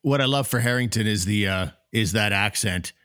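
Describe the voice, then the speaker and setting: A man's voice: lowish voice, moderate pace, fairly bright tone, no echo, studio quality. A man hosting a casual sports podcast, talking in an easygoing way with many fillers. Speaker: podcast host.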